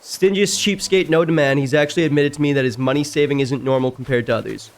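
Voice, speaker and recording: A man streaming a game, reading stories aloud and breaking in with loud, jumpy reactions. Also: fast, soft background music. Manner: reacts loudly, jumps high in pitch. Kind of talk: casual reading and commentary while gaming.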